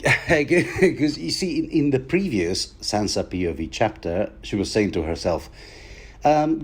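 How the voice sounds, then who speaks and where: A man's voice: mid-range voice, big pitch swings, unhurried, slightly rough. A man giving a rambling, wry commentary on a book chapter, often stammering and restarting his sentences. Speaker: podcast host.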